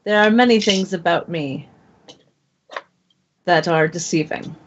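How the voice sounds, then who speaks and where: A woman playing a gentle, curious character, asking soft and hesitant questions. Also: fairly low pitch, measured pace, slight background noise, natural voice. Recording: dull lo-fi sound.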